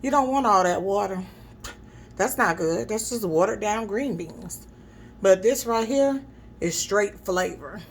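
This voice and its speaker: A woman's voice: mid-range voice, animated, unhurried, a little hiss or hum, poor audio. A woman giving a casual cooking demonstration in her home kitchen, chatting to viewers and checking in with "okay?" as she goes. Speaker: cooking vlogger.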